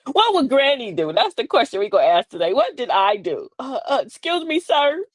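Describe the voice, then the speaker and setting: Animated older woman, laughing and sassy. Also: medium pitch, brisk, dry recording. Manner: animated, laughing, sassy Southern-style asides. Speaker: host. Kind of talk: comic storytelling monologue.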